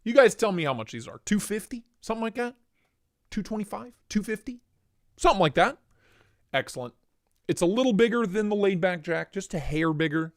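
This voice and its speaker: A man's voice: high voice, animated, fairly quick. A man hosting a casual livestream, joking and rambling as he shows off gear and greets viewers by name. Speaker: livestream host reviewing knives and lights.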